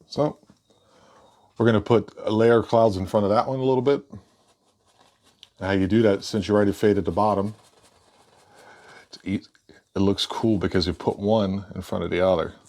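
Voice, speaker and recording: Gravelly low-voiced man teaching painting. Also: moderate pace, long pauses. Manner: relaxed, thinks aloud while working. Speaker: painting instructor. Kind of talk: casual painting tutorial.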